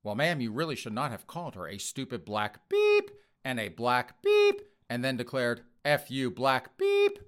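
A man voicing a weary, patient police officer who talks in a flat, tired way. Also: medium pitch, moderate pace, few pauses, clean tone.

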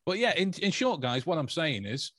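Recorded cleanly in a studio with no echo, a man hosts a podcast in a casual, rambling way, full of fillers and restarts. His voice is fairly high, sing-song, a bit bright, and moves at normal speed.

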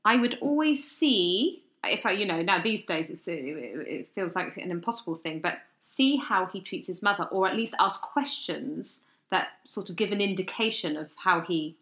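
A woman from South East London co-hosting a podcast in casual, chatty conversation, animated and quick to laugh. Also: lowish voice. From South East London, England. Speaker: podcast co-host. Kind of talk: casual chat. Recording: roomy echo.

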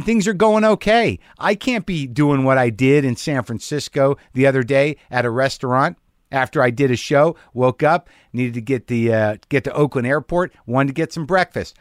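A man's voice: mid-range voice, clear, resonant tone, no echo, studio quality. A middle-aged man hosting a podcast from his home garage, delivering a casual comic monologue in a wry, self-deprecating, ranting way. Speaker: podcast host.

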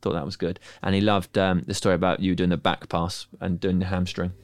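A man hosting a podcast, chatting with co-hosts and reading out listener emails in a brisk, upbeat way. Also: deep voice, level tone, dry recording, studio quality. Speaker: podcast host.

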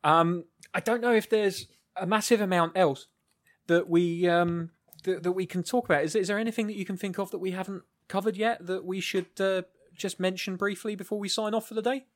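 Eager man co-hosting a podcast. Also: high voice. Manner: animated and eager, quick to agree. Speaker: podcast co-host. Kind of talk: casual review chat.

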